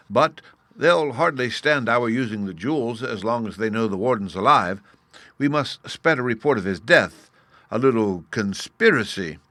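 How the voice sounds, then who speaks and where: A scheming official plots a coup in a blustering, sharp manner, voiced by a male narrator. The voice is low and the recording is dry. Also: no room sound. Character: scheming, uneasy middle-aged male official.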